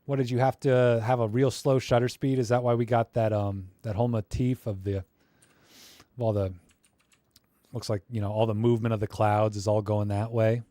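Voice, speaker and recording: A man's voice: on the low side, level tone, normal speed, mellow, no room sound. A young man chatting casually on a live stream, critiquing viewers' photos with joking asides and rants.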